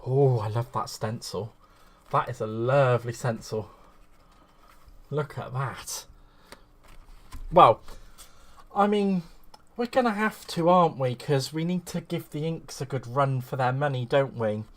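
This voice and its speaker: A man's voice: medium pitch, unhurried, long pauses. Chatty man gushing over crafts. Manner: gushing, rambling, greets viewers fondly. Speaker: craft livestream host. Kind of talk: chatty live crafting stream.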